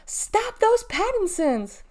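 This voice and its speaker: A woman voicing an angry grown woman cashier who shouts and scolds, in a storybook reading. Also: medium pitch, animated, slow pace.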